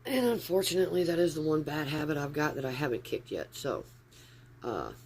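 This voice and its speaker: A man's voice: fairly high pitch, very animated, brisk, darkish tone, a little hiss or hum. A man chatting casually on a live stream from his phone at home, rambling and easily sidetracked. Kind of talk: casual livestream chat. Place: upstairs room at home.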